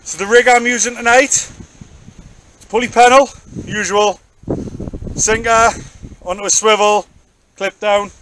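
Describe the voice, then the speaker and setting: Jokey high-voiced man, wind-buffeted. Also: steady tone, a little slow, long pauses, a bit bright, rough recording. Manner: jokey, chatty, playful. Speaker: angler vlogger. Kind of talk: casual outdoor vlog commentary. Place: open beach on a windy evening. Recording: wind noise on the mic.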